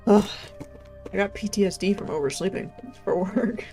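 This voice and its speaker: A young woman streams and chats casually in a voice of ordinary pitch. She wanders from thought to thought, leans on "like" and "um", and breaks into little laughs. Soft game music runs faintly behind her. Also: normal speed. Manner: rambling, chatty, heavy use of "like" and "um"; laughs often between sentences. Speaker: livestreamer. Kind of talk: casual livestream chat.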